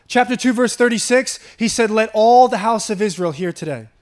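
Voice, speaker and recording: A man's voice: high voice, animated, a little fast. A man with a Long Island accent preaching a sermon, reading scripture aloud and chuckling between his points. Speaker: pastor.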